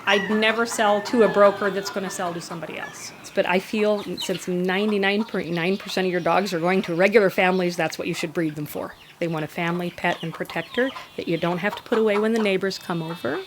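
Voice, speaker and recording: A woman's voice: on the low side, fairly even intonation, quick pace, hardly any pauses, noisy background. A woman dog breeder interviewed on her farm, speaking plainly and firmly. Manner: plain-spoken, firm. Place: farm shed with animals. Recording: farm recording with clucking chickens.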